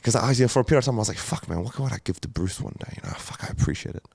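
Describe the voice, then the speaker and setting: A man's voice: mid-range voice, lively intonation, racing, creaky, a little mellow, slightly rough, no echo. A man in his thirties, a podcast guest, telling his story candidly and emotionally, with lots of swearing, fillers and restarts. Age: 30s.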